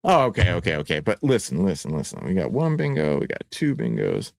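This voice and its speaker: A man's voice: a little fast, creaky, no echo. Texan guy running a stream, bouncy voice all over the place, dry close sound. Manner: playful, teasing, excitable with sudden high shouts. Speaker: livestream host. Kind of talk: animated livestream presentation.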